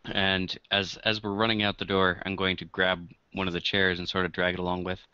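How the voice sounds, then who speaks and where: Low-voiced guy at the game table, bright tone, dry muffled sound. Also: flat delivery, fairly quick, clear, resonant tone, no room sound. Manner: hesitant, thinks aloud. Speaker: player. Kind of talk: casual tabletop game chat.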